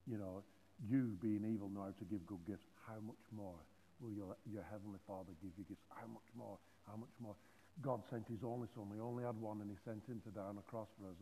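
A man preaching a sermon, animated and joking, with many restarts. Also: lowish voice. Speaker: pastor. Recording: phone-like audio in a reverberant hall.

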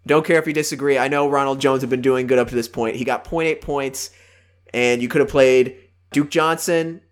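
A man's voice: mid-range voice, steady tone, brisk, smooth. A man co-hosting a casual fantasy football podcast, teasing a friend in a matter-of-fact way. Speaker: fantasy league co-host.

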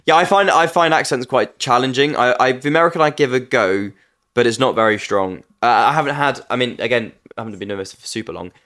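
A man's voice: mid-range voice, a bit bright. Young man, podcast host, playful ribbing, casual chat. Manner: playful, teasing, quick to apologize.

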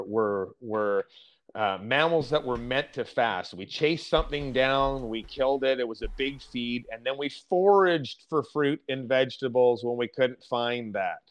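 A man talking as a podcast guest about fasting and diet, blunt and emphatic, often mimicking people's complaints. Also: medium pitch. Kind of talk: casual podcast chat.

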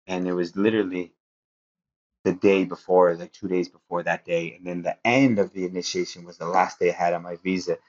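A man's voice: low voice, fairly even intonation, fairly quick. A man speaking as a podcast guest, telling a personal story in an earnest, rambling way with frequent restarts. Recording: dull lo-fi sound.

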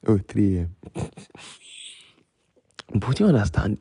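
A young Nigerian man hosting a solo podcast late at night, rambling and freestyling in a low voice and slipping between Pidgin and English. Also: big pitch swings, takes it slowly, creaky, mellow, breathy edge, no room sound. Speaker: podcast host.

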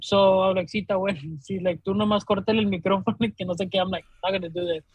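Young dude w/ a high raspy voice, swearing, animated story, dry close sound. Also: male voice, rapid-fire, no room sound, low-quality recording. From Laredo, Texas. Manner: animated, swears a lot, laughs while telling stories. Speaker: DJ and podcast co-host. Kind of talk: casual storytelling chat.

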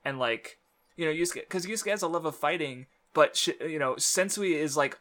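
Male podcast co-host, casual manga chat, bright voice, rambling with lots of fillers. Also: fairly high pitch, normal speed. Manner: rambling, many fillers and restarts.

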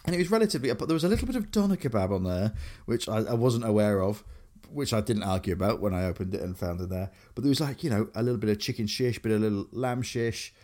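A young man with a fairly low voice chats loosely as a podcast co-host. He rambles, piles up fillers and restarts his sentences constantly. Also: expressive, fast talker, a little mellow. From Grimsby, England. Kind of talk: casual chat.

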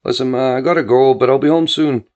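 A man's voice: medium pitch, steady tone, quick pace, darkish tone, pitched above the performer's own voice, natural voice. A man voicing a cocky, defiant crime clan boss who swears freely. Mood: reassuring. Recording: dull lo-fi with faint music.

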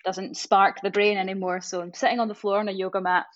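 A woman's voice: medium pitch, muffled recording. Scottish woman with rolled R's. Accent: east coast Scottish, rolled R's. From east coast of Scotland. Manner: animated storyteller, quick laughs. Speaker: podcast co-host. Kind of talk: casual podcast chat.

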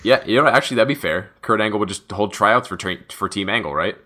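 A man with a deep voice and a bright, forceful edge, chatting casually as a show's co-host. He rambles excitedly, piles ideas on top of each other and swears freely. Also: fast talker. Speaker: podcast co-host. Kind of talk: casual chat about wrestling.

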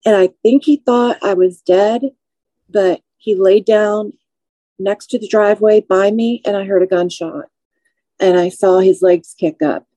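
A woman in her forties with a warm, mellow voice shares a personal testimony as a podcast guest. She speaks slowly and in measured phrases, with feeling. The sound is dry and close. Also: mid-range voice, steady tone, no echo, low-quality recording. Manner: measured, slow, emotional recounting.

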